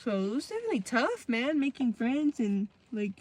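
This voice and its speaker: A woman's voice: high-pitched, big pitch swings, brisk, a little mellow, slightly rough. A woman in her twenties, co-hosting a podcast and telling candid, profane stories from her youth in casual chat. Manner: candid storytelling, loose and profane. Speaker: podcast co-host.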